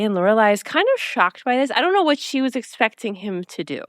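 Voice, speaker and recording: A podcast co-host with a mid-range voice casually recaps a TV episode, animatedly acting out the characters' lines with quick voice shifts. The sound is clean studio quality with no room echo.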